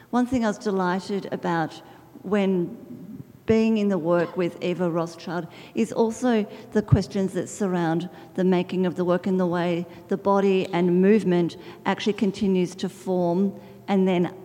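A woman's voice: fairly low pitch, dark tone. A woman artist talking about her own work in a searching way, restarting phrases with many ums. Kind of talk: public talk about her artwork. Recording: long reverb of a lecture hall.

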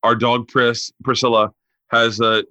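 A man's voice: mid-range voice, a little slow, no room sound, highs cut off. A man in his forties hosting a podcast, telling stories in casual chat and acting out other people's voices. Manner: animated storyteller who acts out quoted voices. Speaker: podcast host.

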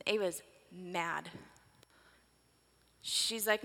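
A woman in her forties telling a sermon story dramatically, swinging from breathless excitement to hushed whispers. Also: medium pitch, slow pace, long pauses. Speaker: preacher. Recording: long reverb of a large hall.

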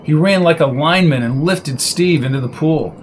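A man reading a crime novel aloud in a steady storytelling voice. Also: a little high, moderate pace, very noisy. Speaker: narrator. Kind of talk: audiobook reading.

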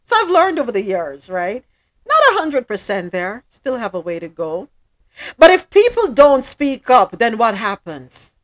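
A woman leads a casual panel chat with a lifted pitch that swoops up and down expressively. She is emphatic and preachy, repeating lines for weight. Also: sing-song, unhurried, a bit bright. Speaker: podcast co-host.

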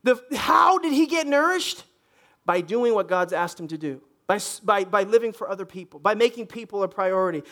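This is a man preaching a sermon from a church stage. His voice sits very high for a man, and he keeps it animated and joking throughout. He breaks into short acted-out voices to make the congregation laugh. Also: moderate pace. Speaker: pastor.

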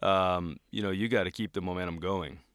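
A man's voice: deep voice, fairly even intonation, fairly quick, fairly bright tone, no echo, studio quality. A male tennis coach hosting an interview, asking rambling questions with many fillers.

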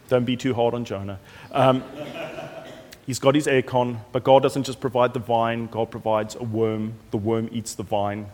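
A pastor preaching a sermon with animated, emphatic storytelling and frequent repetition. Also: male voice, fairly low pitch. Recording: echoey hall.

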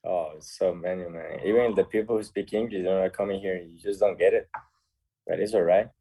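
Low husky Costa Rican man. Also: fairly even intonation, dark tone. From Costa Rica. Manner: cheerful, halting English, often adds "man". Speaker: guest footballer. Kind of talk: casual radio interview.

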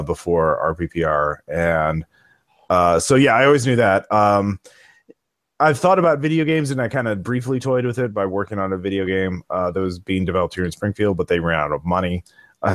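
A man's voice: sits low, no room sound, clean studio sound. A man chatting casually as a podcast guest, rambling with many restarts and fillers. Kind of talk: casual chat.

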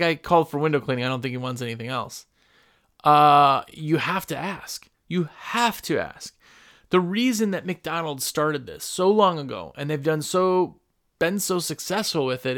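A man's voice: a little high, a bit bright. A man hosting a podcast, talking casually and rambling as he gives business advice and acts out customer calls at his microphone. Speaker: podcast host for window cleaners. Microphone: microphone at a computer.

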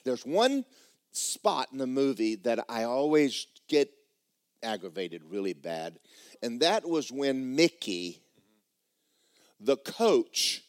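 A man's voice: mid-range voice, dry recording, studio quality. A man preaching a sermon in a church, folksy and blunt, building to fervent emphasis. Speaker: pastor. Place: church sanctuary.

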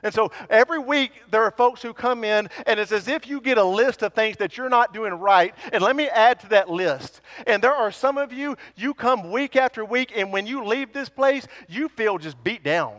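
A man with a high, light voice preaches with a drawl. He chats with and teases his congregation, then presses his point through punchy repetition. His words carry a long reverb through the sanctuary. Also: expressive, moderate pace, few pauses, a bit bright. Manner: conversational, teasing the congregation, building to emphatic repetitions. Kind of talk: sermon. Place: church sanctuary.

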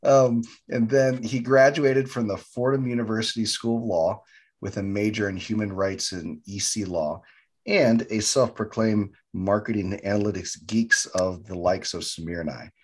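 A man's voice: lowish voice, fairly even intonation, normal speed, slightly rough. A man co-hosting a podcast, upbeat and enthusiastic in casual chat. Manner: upbeat, enthusiastic, says fantastic a lot. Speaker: podcast co-host.

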